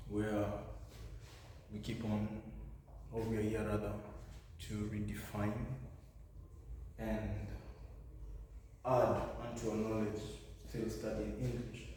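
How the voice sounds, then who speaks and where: A man's voice: fairly low pitch, level tone, takes it slowly, long pauses, dark tone, a little hiss or hum. A man giving a revision lesson, explaining step by step and often correcting himself. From Kenya. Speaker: teacher. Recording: echoey room, far from mic.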